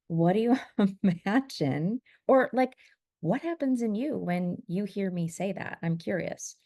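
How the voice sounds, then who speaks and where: A middle-aged woman telling a personal family story in a candid, reflective way, getting animated as she acts out both sides. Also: mid-range voice, slow pace, dry recording, clean studio sound. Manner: candid, animated when quoting, laughs at herself. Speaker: vlogger.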